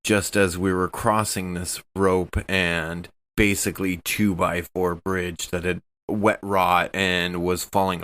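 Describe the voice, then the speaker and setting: A man playing in a tabletop game, telling his character's backstory in a relaxed way with trailing fillers. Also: low-pitched. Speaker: player.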